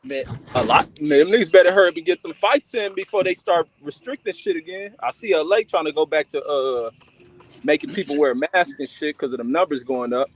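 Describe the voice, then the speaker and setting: A man who commentates boxing, chatting in an excitable, profane, slangy way. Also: a little high, fairly quick. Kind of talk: casual chat.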